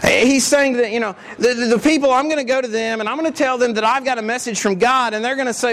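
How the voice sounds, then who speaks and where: A man's voice: extremely high pitch, fairly even intonation, fast talker, hardly any pauses, fairly bright tone, a little hiss or hum. A man preaching a sermon as pastor, earnest, often repeating words as he restarts a thought.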